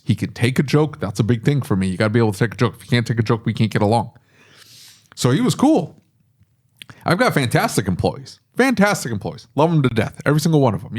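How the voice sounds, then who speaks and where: A man, a podcast host who owns a repair shop, talking casually and telling animated stories with laughs. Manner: animated storytelling with laughs, sudden high pitch for quoted voices.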